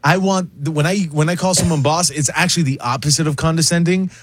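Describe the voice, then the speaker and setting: A man's voice: a little high, fairly even intonation, quick pace, husky, no echo. A man co-hosting a radio talk show, joking dryly in casual banter. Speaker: radio co-host.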